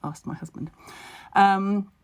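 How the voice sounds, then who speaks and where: A middle-aged woman chats to her viewers from home in a live stream, with a voice of ordinary pitch for a woman. She is blunt and wry, drifting into asides and dry jokes as she gives skincare advice. It sounds close and informal, like a phone or camera at arm's length. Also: steady tone, takes it slowly, clear, resonant tone. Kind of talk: casual live-stream chat.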